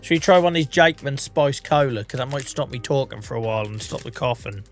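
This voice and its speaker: A man's voice: medium pitch, fast talker, soft background music. An English man streaming a farming game, under the weather with a cough, chatting in a rambling, self-mocking way. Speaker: livestreamer. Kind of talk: casual gameplay commentary.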